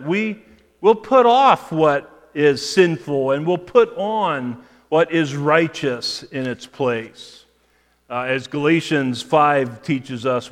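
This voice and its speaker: A pastor preaching a sermon in a measured way, often repeating words as he restarts a phrase. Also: a little high, a bit bright, big-room sound. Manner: measured preaching with frequent word repetitions and restarts. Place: church sanctuary.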